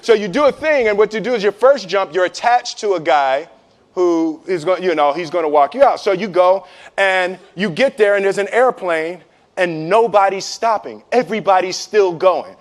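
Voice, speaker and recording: A man's voice: sits high, normal speed. A man telling a story with lots of laughter, acting out what people say and often repeating his words. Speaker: speaker giving life advice. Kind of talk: animated storytelling with acted-out quotes.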